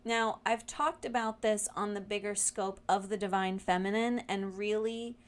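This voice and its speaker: Woman, spiritual guide type, soft rambling delivery full of "um" and "like", reflective weekly card talk. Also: medium pitch, fairly even intonation, normal speed. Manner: gentle, meandering, with many fillers and restarts. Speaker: spiritual guide reading weekly oracle cards.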